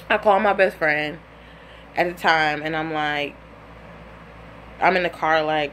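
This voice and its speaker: Young woman telling a story, blunt and animated. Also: low-pitched, moderate pace, pauses often, a little hiss or hum. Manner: animated, blunt and profane, acts out quotes. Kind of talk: casual personal storytelling.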